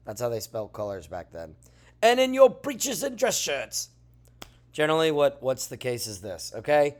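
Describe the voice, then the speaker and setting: A man's voice: mid-range voice, normal speed. A male teacher talking through a classroom lesson in a chatty way, with joking asides, who says he is tired. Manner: chatty, lively, jokey asides. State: tired, yawning.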